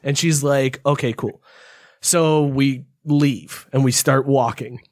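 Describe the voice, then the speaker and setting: A man's voice: medium pitch, fairly even intonation, slow, no echo, studio quality. A man telling a story in casual podcast chat, ranting heatedly with lots of swearing and acting out the people in it. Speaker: podcast co-host.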